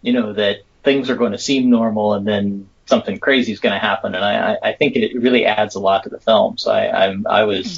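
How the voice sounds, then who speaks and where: A man's voice: on the low side, steady tone, fairly quick, creaky, hardly any pauses, slightly rough, highs cut off. A man co-hosting a casual movie podcast, rambling and thoughtful, with lots of fillers. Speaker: podcast co-host.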